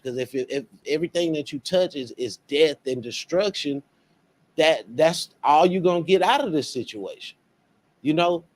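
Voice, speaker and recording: A young man, hosting a casual radio show in an earnest way, often repeating words as he talks. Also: a little high.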